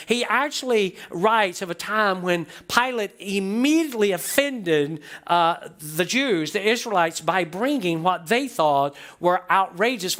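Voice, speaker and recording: A man's voice: high voice, fairly bright tone. A man pastor preaching a storytelling sermon in a church, reading a quoted passage aloud and regularly checking in with the congregation. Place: church sanctuary.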